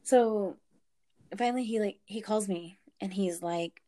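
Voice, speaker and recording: A young woman casually telling a story, animated, swearing and laughing as she goes. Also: mid-range voice, a little slow.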